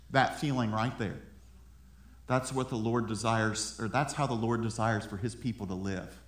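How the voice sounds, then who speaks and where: A man with a mid-range voice preaches in an echoey room before an audience. As a pastor, he keeps his sermon conversational and repeats words frequently while building a point.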